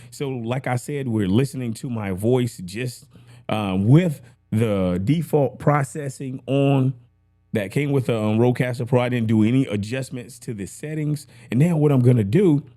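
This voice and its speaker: A man's voice: medium pitch, warm tone. Chatty man demoing his mic. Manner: chatty, rambling, keeps asking if you understand. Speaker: podcast gear reviewer host. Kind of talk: casual gear demo talk. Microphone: broadcast dynamic mic with headphones.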